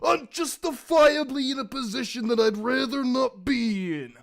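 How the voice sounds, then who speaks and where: A man's voice: very high voice, vocal fry, pitched above the performer's own voice. A man doing a hyped-up wrestler's promo, all "yeah" tics. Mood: intense. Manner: drawn-out syllables, "yeah" tics, rising to loud bursts.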